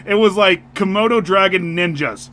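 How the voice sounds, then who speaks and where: A man's voice: high-pitched, normal speed. A man co-hosting a podcast, telling a story in casual chat and laughing often. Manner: animated storyteller, laughs a lot. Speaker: podcast co-host.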